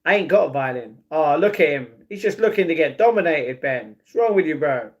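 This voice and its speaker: A man's voice: on the high side, animated, fairly quick, muffled recording. A young man chatting casually on a livestream, reading and answering his chat, often adding "you know what I mean". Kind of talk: casual live-stream chat.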